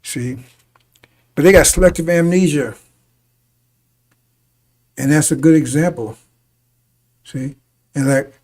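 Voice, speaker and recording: A man whose voice sits high and a little mellow, recorded far from the mic, rambles through sermon-style commentary to a congregation. He trips over and repeats words, asks "see?" frequently, chuckles between points, and grows emphatic now and then.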